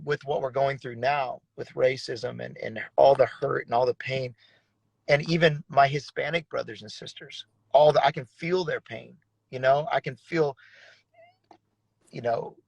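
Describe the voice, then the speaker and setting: A man's voice: medium pitch, gravelly, no echo, low-quality recording. A man in his thirties, a pastor, telling his story in an earnest, emotional way with frequent restarts. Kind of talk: conversational testimony in an interview.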